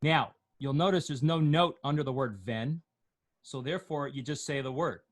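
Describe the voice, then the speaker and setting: A man teaching an online class, slowly chanting Torah words and notes, then explaining them in quick, joking asides. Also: mid-range voice. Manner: jokey, asks questions of the class.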